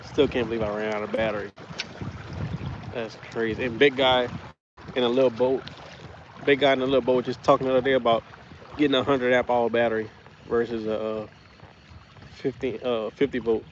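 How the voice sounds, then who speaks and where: A man's voice: mid-range voice, fairly even intonation, fairly quick, long pauses, highs cut off, slight background noise. A man live-streaming from a small fishing boat, chatting casually and rambling through stories, often correcting himself. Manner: rambling, self-correcting storyteller.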